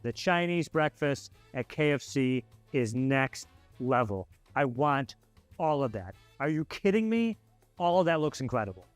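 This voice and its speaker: A man's voice: medium pitch, very animated, unhurried, no room sound, faint music behind. A man in a casual food review, enthusiastic and offhand in his comments. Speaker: food show co-host.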